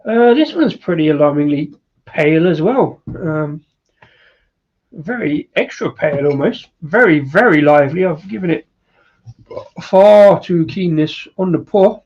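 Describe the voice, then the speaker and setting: A man's voice: a little high, expressive, measured pace, a little mellow, highs cut off. A man hosting a casual live-stream beer review, rambling with lots of fillers and chuckles. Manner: rambling, with many fillers and laughs.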